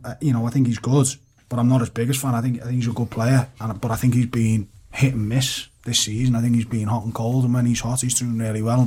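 A man's voice: mid-range voice, husky. A man, chatting casually as a panelist on a football podcast, rambling and swearing freely. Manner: rambling, swears freely, animated when mimicking mates.

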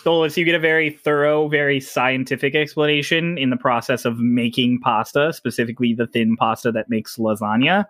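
A man's voice: medium pitch, fairly quick, few pauses, a bit bright, no echo, studio quality, soft background music. A man narrating as game master in a casual tabletop session, laughing often and swearing freely.

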